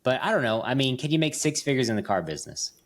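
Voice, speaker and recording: A man's voice: mid-range voice, sing-song, quick pace. A man hosting a podcast, telling stories in a chatty way, with many fillers and restarts. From Las Vegas. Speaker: podcast host. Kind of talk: casual chat.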